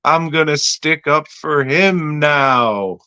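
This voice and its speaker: A man's voice: a little high, slow, clean tone, muffled recording, pitched above the performer's own voice. A man voicing a fed-up woman snapping back at her boss. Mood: defiant. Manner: sharp and defiant. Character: fed-up woman defending her vampire crush.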